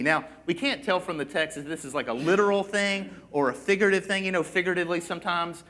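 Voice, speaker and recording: A man's voice: fairly high pitch, fast, few pauses, a bit bright. A man preaching a sermon in a casual, conversational way that builds at times into impassioned pleading. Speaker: pastor.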